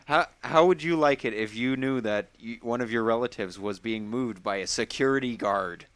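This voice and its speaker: A man's voice: medium pitch, normal speed, a bit bright, no room sound. A man hosting a casual talk show, reacting to a guest's story with frequent laughs and short exclamations. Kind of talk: casual chat.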